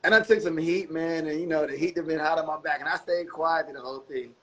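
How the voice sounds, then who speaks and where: Man, middle-aged, laid-back storyteller, laughs a lot, slightly high voice. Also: fast, poor audio. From North Carolina. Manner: laid-back, laughs often, repeats phrases. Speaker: guest musician. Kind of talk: casual interview storytelling.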